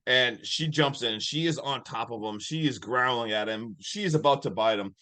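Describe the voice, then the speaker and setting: A young man co-hosting a podcast, excitedly recapping a film and acting out its scenes with big swings between loud and quiet. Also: medium pitch, fairly quick. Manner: animated, swings loud and soft, acts out scenes. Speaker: podcast co-host.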